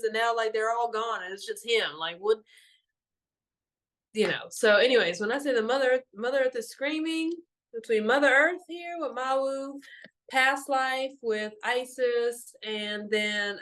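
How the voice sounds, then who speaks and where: A young mother who teaches meditation talks loosely and emotionally through a spiritual card message, full of fillers. Her voice is on the high side with a fairly bright tone, and the talk is casual and spiritual.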